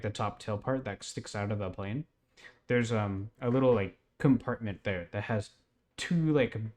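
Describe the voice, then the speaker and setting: A young man casually retelling a strange dream, rambling with lots of fillers and laughs. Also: on the low side. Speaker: podcast host.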